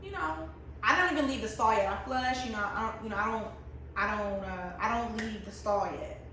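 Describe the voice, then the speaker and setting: Young woman in her twenties, casual storyteller, high-ish bright voice, roomy echo, off-mic. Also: fairly quick, slight background noise. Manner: animated, laughing often, acts out friends' lines. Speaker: vlogger. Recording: very echoey room, mic at a distance.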